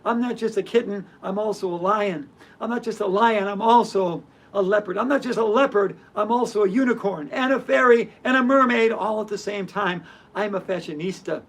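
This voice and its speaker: A woman's voice: mid-range voice, normal speed. A woman teaching a hula hoop yoga lesson, telling stories in earnest, rhythmic, repeating lists. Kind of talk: spoken yoga lesson with storytelling.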